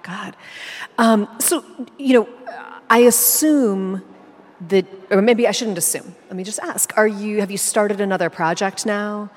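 A woman interviewing an author, chatty and animated in a conversational interview. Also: medium pitch, a little slow. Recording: long reverb of a hall.

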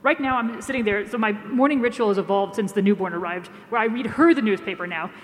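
A young adult woman, a comedy writer, chatting on a panel in an animated, self-deprecating way. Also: mid-range voice, fast talker, slight background noise. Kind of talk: casual panel conversation. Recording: long hall reverb.

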